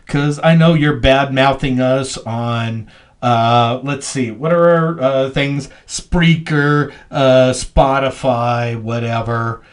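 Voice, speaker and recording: A man co-hosting a podcast in casual chat, telling stories in a rambling, animated way with lots of fillers. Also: on the high side. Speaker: podcast co-host.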